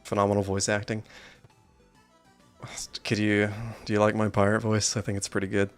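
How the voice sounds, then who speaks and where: A man's voice: lowish voice, completely flat delivery, moderate pace, faint music behind. A man streaming a horror game, commenting with joking, self-deprecating asides.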